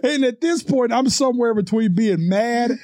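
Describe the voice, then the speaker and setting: A man's voice: very high-pitched, moderate pace, warm tone, no room sound, clean studio sound. A man co-hosting a podcast, rambling through a crude story with frequent laughs and swearing. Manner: profane, rambling, laughs often. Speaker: podcast co-host. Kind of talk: casual storytelling.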